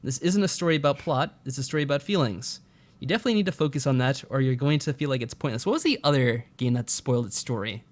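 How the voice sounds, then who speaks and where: A man's voice: medium pitch, fast talker. A man streaming a visual novel, reading its text aloud and making dry, sarcastic remarks. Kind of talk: casual let's-play commentary, reading game text aloud.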